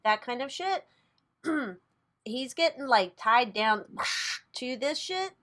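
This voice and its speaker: A woman's voice: sits high, lively intonation, takes it slowly, bright, forceful tone. A woman hosting a casual tarot reading vlog, chatty and loose, who swears freely and laughs at herself. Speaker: tarot reader and channel host.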